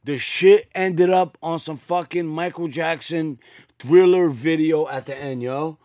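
A man co-hosting a casual podcast, telling animated stories full of profanity and acted-out quotes. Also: on the high side, a little slow, dry recording, clean studio sound. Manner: animated storyteller, acts out quotes. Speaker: podcast co-host.

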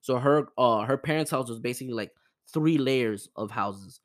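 A young man hosting a podcast, telling a family ghost story in a casual, animated way, with lots of fillers, restarts and swearing. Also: medium pitch, moderate pace. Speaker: podcast host.

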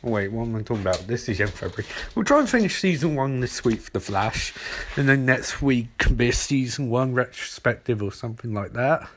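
A man's voice: medium pitch, lively intonation, a little fast, a bit bright, slight background noise. A man hosting a podcast, giving a casual, rambling TV episode recap full of jokes and self-corrections. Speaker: podcast host.

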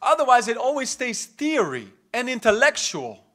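Here a South African pastor, pitched unusually high, preaches charismatically in a church hall with big swings in pitch at a normal speed. He alternates fervent, loud exhortation with hushed asides, his bright, forceful tone carried by a stage mic.

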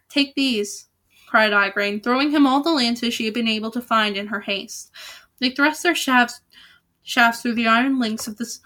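Woman reading a novel out loud, casual, trips on words now and then, bright and kinda high. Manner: casual, with small slips and restarts. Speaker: reader.

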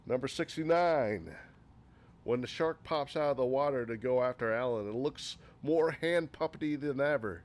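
A man's voice: medium pitch, moderate pace. Sarcastic, swearing man reviewing movies. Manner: sarcastic, profane, rambling. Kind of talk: casual spoken movie critique.

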